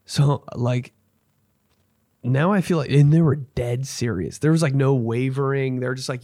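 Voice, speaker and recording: A young man hosts a podcast, telling rambling casual stories and acting out the people in them. His mid-range voice is warm and moves at a normal speed. The studio recording is clean, with no room sound.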